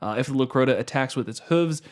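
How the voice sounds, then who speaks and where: Podcast co-host, man, casual and rambling, mid-pitched voice, talks through rules aloud. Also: quick pace. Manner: rambling, many fillers and restarts. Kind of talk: casual tabletop game chat.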